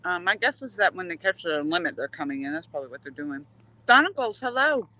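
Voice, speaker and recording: Bright-voiced woman chatting on a fishing stream. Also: low-pitched, fast talker, no room sound, poor audio. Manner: chatty, coaxing the fish aloud. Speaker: fishing vlogger greeting live viewers. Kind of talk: casual live-stream chat. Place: outdoors by a dock on a coastal waterway.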